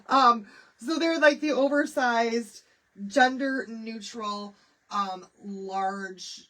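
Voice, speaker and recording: A woman's voice: medium pitch, slow, fairly bright tone. A middle-aged woman from Michigan hosting a casual live craft stream, nasal and stuffy from a head cold, chatty and bubbly as she greets viewers by name. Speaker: craft livestream host.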